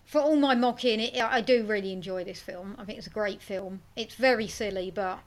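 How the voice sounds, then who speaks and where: Reading listener comments on a laid-back film podcast, this co-host speaks briskly at a medium pitch. She keeps things chatty and self-deprecating.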